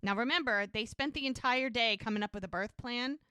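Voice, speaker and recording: Woman podcast host for a casual recap, bright lively voice with a dry, close sound, who acts out quoted lines. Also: a little high, fairly quick, smooth, no room sound. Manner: animated retelling, acting out quoted lines.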